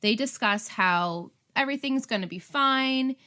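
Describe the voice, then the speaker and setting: A woman co-hosting a podcast, chatting casually and retelling a TV episode in an animated way. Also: sits high, measured pace. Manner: chatty, animated storytelling with frequent fillers. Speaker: podcast co-host. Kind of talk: casual chat recapping a TV episode.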